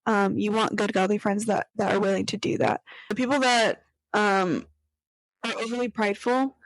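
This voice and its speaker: A woman's voice: mid-range voice, steady tone, moderate pace, no room sound, poor audio. A young woman hosting a casual chat, talking with lots of fillers and acting out quoted voices. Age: young adult. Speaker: podcast host.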